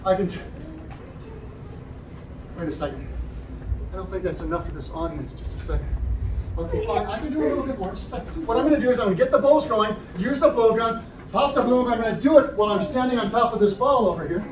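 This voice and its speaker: Fast and expressive in a high voice, a man keeps a library audience entertained with juggling, jokes and step-by-step explanations of his tricks. This live stage patter was recorded indoors in the program room from an audience camera, sounding roomy, distant and noisy.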